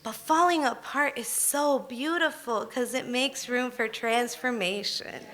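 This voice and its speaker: A woman's voice: fairly high pitch, measured pace, very noisy. A woman in her thirties telling a candid personal story on stage at a live storytelling event, emphatic and conversational.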